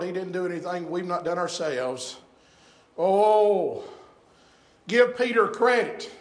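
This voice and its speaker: An older man preaching a sermon in a small church, swinging between shouted exhortation and hushed, drawn-out phrases. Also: high voice. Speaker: pastor. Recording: echoey church room, faint congregation.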